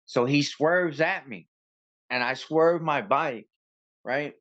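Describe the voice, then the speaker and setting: A man, a copwatcher guest in an interview, telling a story in a casual, animated way and acting out both sides of an argument. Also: fairly high pitch, slow pace, lo-fi sound.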